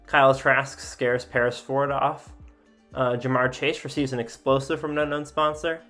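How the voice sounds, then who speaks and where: A man's voice: medium pitch, level tone, normal speed, fairly bright tone, soft background music. A man casually reading out simulation events as a sports video host, with frequent filler sounds and offhand asides. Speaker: sports YouTuber.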